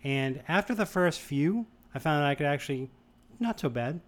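A young man from the Boston area telling a long anecdote in casual chat, rambling and animated, with many restarts. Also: fairly high pitch, normal speed. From Boston area, USA.

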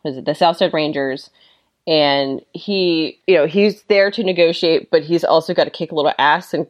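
A woman's voice: low-pitched, moderate pace. A woman co-hosting a podcast, chatting casually and enthusiastically about a comic book, often laughing and acting out quotes. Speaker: podcast co-host reviewing comics. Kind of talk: casual chat.

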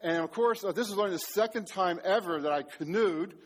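A man's voice: sits high, brisk. A middle-aged man preaching a sermon, telling a story with self-mocking humor. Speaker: pastor.

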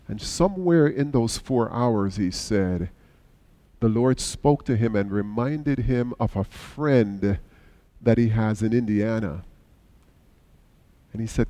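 A middle-aged male pastor preaching a sermon, telling a story with sudden swings between hushed and raised passages. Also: medium pitch, normal speed. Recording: long hall reverb.

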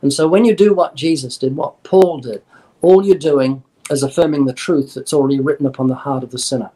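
Earnest evangelist man, slightly high voice. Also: a little fast, dark tone. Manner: earnest, emphatic, quotes scripture and acts out dialogue. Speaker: evangelist guest. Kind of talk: radio interview, preaching-style explanation.

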